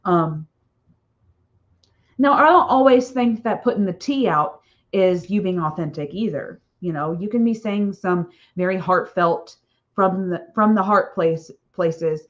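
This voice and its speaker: A woman with a fairly low voice chats casually on a live stream, rambling from one thought to the next and tagging lines with "okay?" Her audio comes through dull and muffled. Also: a little slow. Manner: chatty and rambling, frequent "okay?" tags and laughs. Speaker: author hosting a book launch live stream.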